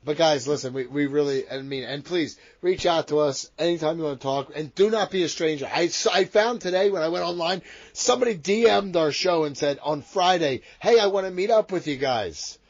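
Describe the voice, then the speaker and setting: A man co-hosting a wrestling podcast in casual, rambling, profane chat that gets excitable. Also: on the high side, brisk, dull audio. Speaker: podcast co-host.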